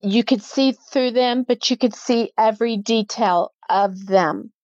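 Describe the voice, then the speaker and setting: Speaking a little high, a little slow and with a slightly mellow quality, this middle-aged woman tells a personal story as a podcast guest. She's a vivid storyteller, performing the voices of everyone involved as the interview unfolds. The lo-fi recording carries no room sound.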